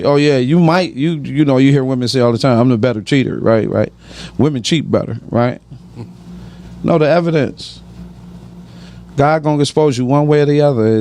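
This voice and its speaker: A man's voice: medium pitch, gravelly, a little mellow, slight background noise. A man giving emphatic, preachy personal testimony on a podcast, often asking "right?".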